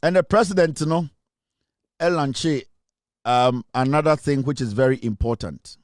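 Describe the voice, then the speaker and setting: A man's voice: mid-range voice, normal speed, no echo, clean studio sound. A man with a Ghanaian accent hosting an impassioned commentary show, preaching and repeating lines for emphasis. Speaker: show host. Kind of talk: impassioned commentary mixing English and Twi.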